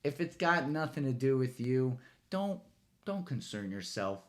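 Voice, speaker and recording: Lively profane late-night host, a man. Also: medium pitch, a little slow. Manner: profane, rambling, self-mocking. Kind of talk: casual late-night monologue. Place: studio.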